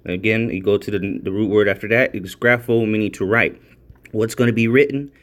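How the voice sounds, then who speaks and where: This fairly quick, fairly low-pitched man is a religious video commentator giving a casual, meandering Bible study. He repeats points, tosses in "all right?" often, and becomes emphatic and excited while reading definitions of words.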